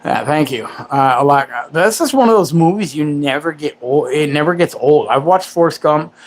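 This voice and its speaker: A man's voice: a little high, lively intonation, moderate pace. A man in his forties hosting a livestream. He rambles in casual chat and makes crude, self-mocking jokes. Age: 40s. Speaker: livestream host.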